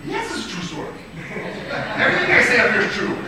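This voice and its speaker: A man telling a story and quizzing children in a lively, questioning way as their church teacher. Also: very high voice, fast talker, heavy background noise. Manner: lively and questioning, acts out the characters. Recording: echoey hall, mic far off.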